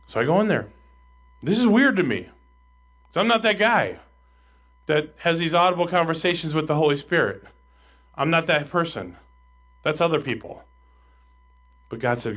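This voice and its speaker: Animated male pastor preaching. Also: fairly high pitch, moderate pace, pauses often. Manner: animated, swings from loud to hushed. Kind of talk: sermon with storytelling.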